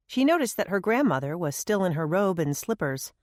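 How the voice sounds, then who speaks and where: A woman narrating an audiobook in a measured, gentle storytelling manner, recorded on a close studio mic. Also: lowish voice, sing-song, no echo. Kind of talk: scripted narration.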